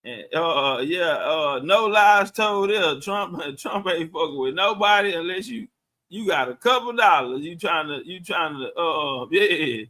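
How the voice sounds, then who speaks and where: A man's voice: a little high, animated, measured pace, pushed and bright. A middle-aged man chatting loosely on a livestream, profane and answering viewer comments. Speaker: livestream host. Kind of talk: casual livestream chat.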